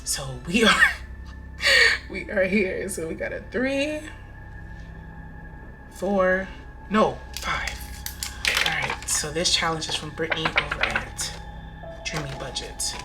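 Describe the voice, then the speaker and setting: A woman's voice: on the low side, sing-song, slow pace, pauses often. A woman vlogger telling a rambling, casual storytime while budgeting, full of filler words. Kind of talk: chatty storytime vlog. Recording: music playing behind.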